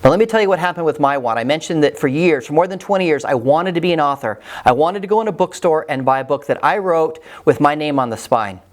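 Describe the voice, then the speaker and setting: A man's voice: on the high side, expressive, fast, few pauses. A man giving an earnest, encouraging motivational talk straight to the camera, telling a personal story. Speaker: motivational speaker.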